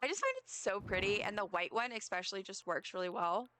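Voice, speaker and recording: A woman's voice: medium pitch, lively intonation, fast talker, bright, forceful tone, a little hiss or hum. A young woman, rambling casually and joking at herself while she streams a game. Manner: chatty, rambling, self-mocking asides. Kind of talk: casual live-stream chat while gaming.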